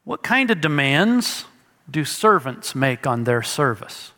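A man's voice: on the high side, sing-song, slow, pushed and bright, long reverb tail. A male pastor preaching an expository sermon, emphatic and teaching through rhetorical questions.

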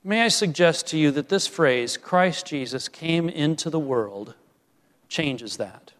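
A man preaching a sermon, earnest, rising to emphatic peaks and dropping to soft, quiet lines. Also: a little high, long reverb tail. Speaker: pastor.

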